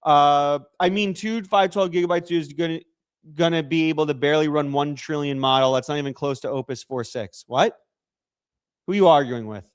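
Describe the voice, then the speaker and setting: A young man hosts a loose, joking livestream. He rambles through chat messages and donations, and his voice sits a little high. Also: normal speed, clean tone. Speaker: livestream host.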